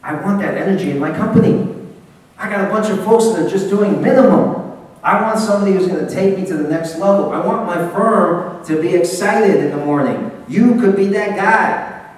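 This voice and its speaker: A man giving a lively business seminar talk, speaking directly to his audience and pushing his voice out. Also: high-pitched, moderate pace. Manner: animated, projecting, talks straight to the audience. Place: seminar hall. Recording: echoey hall, taped from far off.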